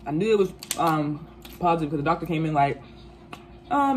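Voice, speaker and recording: A woman in her twenties telling a casual storytime, animated and profane, acting out quotes. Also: deep voice, moderate pace, pauses often, a little hiss or hum. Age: 20s. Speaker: vlogger.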